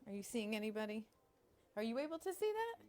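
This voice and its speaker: A bubbly middle-aged woman radio host chatting on a live stream from her station studio. Her voice sits fairly high and swings up and down a lot. She talks in a chatty, self-deprecating way. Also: sing-song, fast, darkish tone. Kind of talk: casual live-stream chat.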